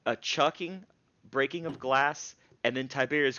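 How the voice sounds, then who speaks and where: A man's voice: mid-range voice, pushed and bright, dry recording. Male game master, hesitant live-stream narration, muffled lo-fi sound. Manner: halting, full of fillers and restarts.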